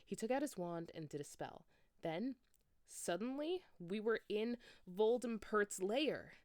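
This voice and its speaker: A woman's voice: mid-range voice, expressive, measured pace, a little mellow, no room sound, studio quality. A woman giving a comedic, mock-dramatic reading of fan fiction, sometimes exasperated.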